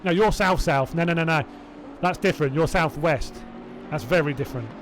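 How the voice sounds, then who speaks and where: Live on a sim race, a Hertfordshire man with a southern English accent commentates in a fairly high voice at a fairly quick pace, with slight background noise. He's chatty and rambling with viewers between calls, prone to self-doubting asides and laughing to himself.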